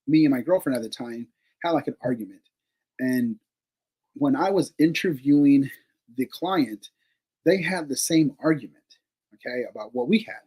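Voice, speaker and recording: Husky man telling a rambling story. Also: medium pitch, darkish tone, rough recording. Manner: rambling, with many fillers and casual swearing; laughs between remarks. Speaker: paranormal investigator guest. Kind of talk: casual storytelling.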